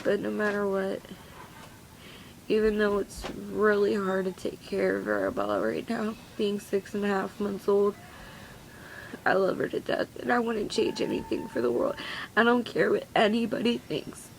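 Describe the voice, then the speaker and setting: A teenage girl crying as she talks in a confessional vlog, her voice breaking and halting. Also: medium pitch, lively intonation, vocal fry, slight background noise, poor audio. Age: teens. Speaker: vlogger.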